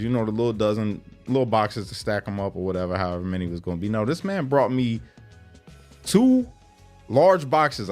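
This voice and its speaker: A man with a fairly low voice speaks in an earnest, conversational way, loose with slang and easy fillers. Faint music plays under his casual vlog talk. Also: a little mellow. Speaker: vlogger. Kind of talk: casual reflective monologue.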